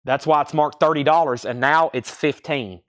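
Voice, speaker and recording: Chatty man calling out record prices. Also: fairly high pitch. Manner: chatty, rambles between quick price call-outs. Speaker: record store host running a live sale. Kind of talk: casual livestream sales patter.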